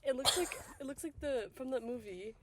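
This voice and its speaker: High-pitched laughing young woman. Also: fairly quick. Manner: laughing, swearing, playful. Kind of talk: casual vlog chat. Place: inside a car.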